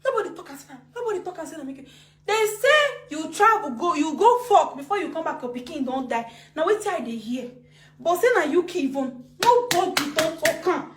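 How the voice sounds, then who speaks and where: A woman's voice: high-pitched, brisk, roomy sound, slight background noise. A woman with a Nigerian accent ranting emotionally on a live video, repeating herself with force. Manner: emotional, repetitive, animated. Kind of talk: heated live-video rant.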